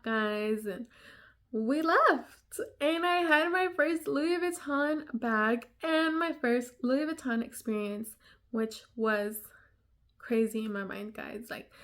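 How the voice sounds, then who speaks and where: Casting: young woman, storytime vlogger, chatty, fillers, slightly high voice. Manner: chatty, many fillers like "you know". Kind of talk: casual storytime chat.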